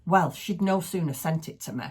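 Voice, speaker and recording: A middle-aged woman hosting a crafting channel, chatting excitedly to the camera at home and laughing often. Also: fairly low pitch, moderate pace, slightly rough. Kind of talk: casual chat to camera. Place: small home craft room.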